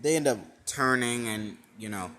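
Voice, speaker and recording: A man's voice: medium pitch, moderate pace, fairly bright tone. A young man improvising a fan-fiction retelling, rambling with lots of fillers and restarts. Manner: rambling, full of "like" and "you know", restarts. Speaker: fan storyteller.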